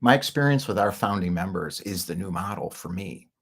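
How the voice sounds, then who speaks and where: A middle-aged man talks through his own story in a loose, candid monologue, full of fillers and asides. His voice sits fairly low, with a gravelly, husky edge to it. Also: animated, brisk, a bit bright. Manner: rambling and candid, with filler words and short laughs. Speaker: founder telling his business story. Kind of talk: casual monologue.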